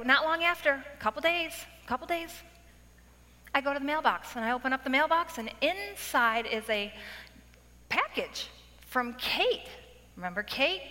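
A woman in her forties giving her testimony in a church, telling her story with big animated swings. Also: high voice. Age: 40s. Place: church worship center. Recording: long hall reverb.

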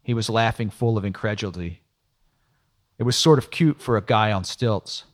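A man's voice: fairly low pitch, normal speed. A man narrating a first-person audiobook in a dry, sardonic storytelling manner.

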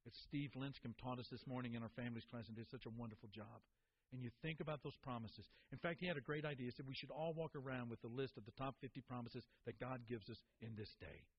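A man's voice: medium pitch, steady tone, fast, lo-fi sound, a little hiss or hum. A man preaching a sermon, telling stories in an earnest way and repeating words for emphasis.

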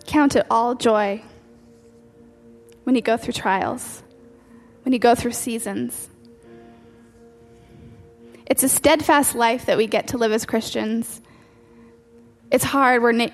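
A woman preacher with a somewhat high voice delivers an earnest sermon. She drives her points home by repeating key phrases. Her voice rings out with a long hall reverb over soft background music. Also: fairly even intonation, takes it slowly, pauses often.

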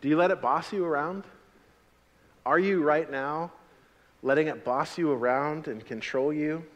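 A middle-aged man preaching a sermon as a pastor, animated, swinging from loud emphatic lines to quiet asides. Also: on the high side, unhurried, dull audio. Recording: long hall reverb.

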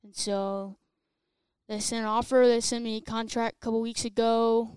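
A woman's voice: a little high, flat delivery, moderate pace, a little mellow, clear, resonant tone, dry recording. A woman, a soccer player, chatting easily as a podcast guest and telling stories. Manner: easygoing, storytelling. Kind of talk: casual interview chat.

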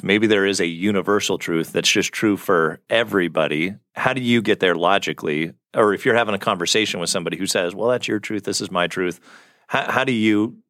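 A man hosting a casual faith discussion, speaking in a measured way and asking questions. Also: sits low, fairly bright tone, no room sound, clean studio sound. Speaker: podcast host.

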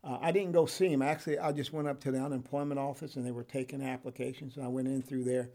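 An older man, a retired correctional officer, tells his life story in an interview with a warm, medium-pitched voice and fairly even intonation. He talks quickly and rambles, with frequent ums, restarts, and laughter.

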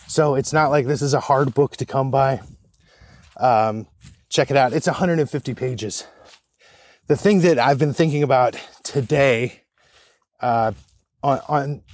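A man's voice: medium pitch, darkish tone. A man with a mid-range voice speaks earnestly and encouragingly, hosting a casual solo podcast monologue. He is out of breath as he hikes uphill outdoors. The sound is dry, with no room echo around his voice. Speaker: podcast host. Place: outdoors on a hiking trail, walking uphill.

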